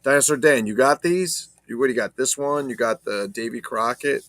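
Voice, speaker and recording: A man's voice: medium pitch, a little fast, a bit bright, dry recording. A man casually chatting about his toy collection, rambling and swearing as he talks to viewers. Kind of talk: casual unboxing chat.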